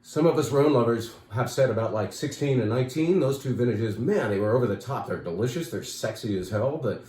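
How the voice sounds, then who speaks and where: A man's voice: medium pitch, fairly quick, few pauses, warm tone, roomy sound. A man hosting a casual wine shop talk, chatty and enthusiastic, with many fillers and asides.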